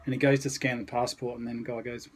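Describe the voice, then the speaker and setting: An Australian man in the middle of his register, spinning travel yarns in a relaxed, rambling way. He swears lightly and keeps a casual, unhurried storytelling flow. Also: mid-range voice, slight background noise, rough recording. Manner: laid-back, rambling anecdotes with mild swearing. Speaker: podcast guest.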